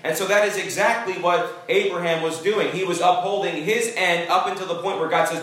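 A man's voice: high-pitched, normal speed, hardly any pauses, a bit bright. Preaching man in an echoey church. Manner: emphatic preaching with call-and-response. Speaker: pastor. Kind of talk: sermon. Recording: echoey church room, distant mic.

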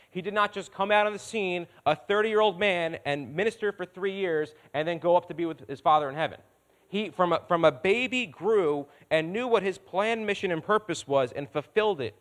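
Pastor guy preaching, kinda high voice, chatty with the crowd, gets loud then quiet. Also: animated, normal speed. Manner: conversational, asks the room for responses; swings between quiet asides and loud emphatic lines. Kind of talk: sermon.

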